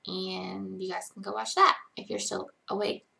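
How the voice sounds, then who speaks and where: A young woman casually answering chat questions on a live stream, hesitant, with frequent ums and pauses. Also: mid-range voice, flat delivery, gravelly, pushed and bright.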